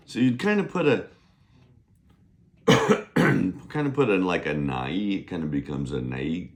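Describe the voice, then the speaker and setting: A man teaching Mandarin in a casual online lesson, joking around, spelling out words and drawing them out slowly for learners to repeat. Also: sits low, expressive. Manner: playful, jokey, sings to himself; slow, drawn-out model pronunciation. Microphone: camera on a desk.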